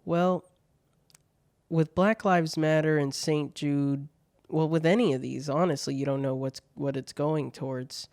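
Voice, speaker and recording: A man's voice: a little high, fairly even intonation, measured pace, darkish tone, clear, resonant tone, no echo, clean studio sound. A man hosting his own show, reading out viewer questions and jokes in laid-back casual chat, swearing freely.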